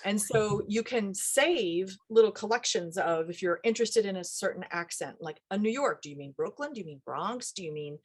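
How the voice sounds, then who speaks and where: Woman dialect coach, guest in an interview, lively and chatty, slips into quoted voices, mid pitch. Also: moderate pace, few pauses, breathy edge. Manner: animated, acts out quoted voices, laughs often. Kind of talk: casual interview talk.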